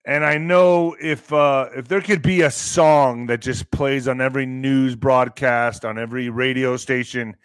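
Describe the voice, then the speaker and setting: A male host of a live online commentary show, talking in a rambling, excitable way that sometimes bursts into shouting. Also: mid-range voice, a little slow, hardly any pauses, clean tone, no echo.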